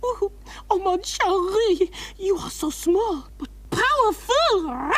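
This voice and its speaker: A woman's voice: extremely high pitch, lively intonation, takes it slowly, dry recording, exaggerated voice. A woman playing Josephine, a dramatic, lovesick romantic figure in a comedy sketch. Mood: swooning.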